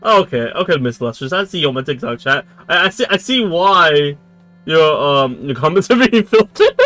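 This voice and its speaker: A man's voice: a little high, fairly bright tone. A man streaming a dating game, reading its text aloud and chatting with his viewers in a giggly, stammering way. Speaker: gaming streamer.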